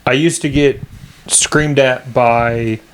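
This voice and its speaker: A man's voice: medium pitch, steady tone, slow, a little hiss or hum. Crude, rambling male comedian. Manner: crude, rambling, laughs often. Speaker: comedian and podcast host. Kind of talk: casual chat, storytelling.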